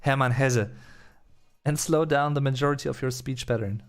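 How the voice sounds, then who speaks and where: A man's voice: mid-range voice, moderate pace. German man hosting a casual live Q&A. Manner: casual and chatty, with frequent "uh" and "um". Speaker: host. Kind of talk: live-stream Q&A, reading out chat comments.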